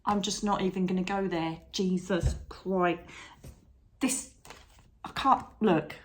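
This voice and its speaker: A woman's voice: on the low side, steady tone, slow pace. A woman doing a chatty tarot reading to camera, encouraging and fond of tag questions like "okay?". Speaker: psychic tarot reader.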